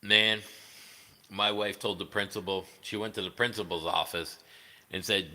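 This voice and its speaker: A man's voice: sits low, steady tone, unhurried, pushed and bright, big-room sound. A man chatting casually on a livestream, rambling and swearing, with many fillers. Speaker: livestreaming guitarist.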